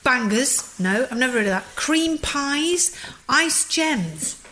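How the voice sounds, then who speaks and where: A woman's voice: high voice, lively intonation, slow pace, bright, forceful tone, slight background noise. A woman co-hosting a podcast, reading a listener email aloud in a giggly, cheeky way. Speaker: podcast co-host.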